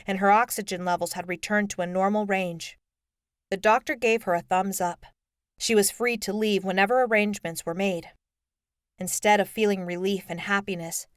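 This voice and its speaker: Female audiobook narrator, mid-range pitch, dry close mic, measured delivery. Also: clear, resonant tone, dry recording. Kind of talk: scripted narration.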